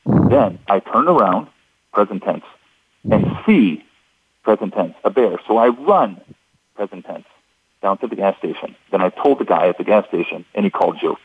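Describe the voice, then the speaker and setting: A man's voice: fairly low pitch, animated, normal speed, slightly rough, no echo, narrow, tinny audio. A man explaining clues in how people speak, as an interview guest, in a patient and methodical way that repeats key points. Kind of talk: instructive radio interview.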